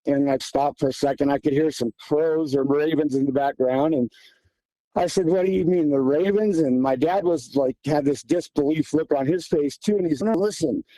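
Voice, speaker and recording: A man's voice: a little high, steady tone, normal speed, mellow, no echo, rough recording. A man, a hunter and guest, telling a tense hunting story in casual, vivid detail. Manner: tense, vivid retelling with quoted dialogue. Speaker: guest hunter recounting an encounter.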